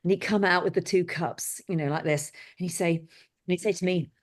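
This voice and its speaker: A woman's voice: fairly low pitch, brisk. Blunt, anecdotal middle-aged woman. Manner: lively anecdotal, blunt and exclamatory. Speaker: guest, film set decorator. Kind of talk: casual interview storytelling.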